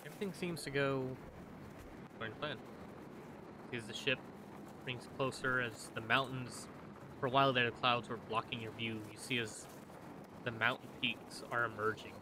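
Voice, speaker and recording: Male game master, measured scene-setting narration, noise behind. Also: medium pitch, fairly even intonation. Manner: slow, descriptive narration. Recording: noisy room recording.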